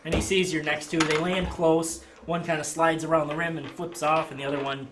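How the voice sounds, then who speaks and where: A man's voice: a little high, flat delivery, brisk. A man narrating as game master of a tabletop game, casual and hesitant with fillers. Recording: noisy home recording.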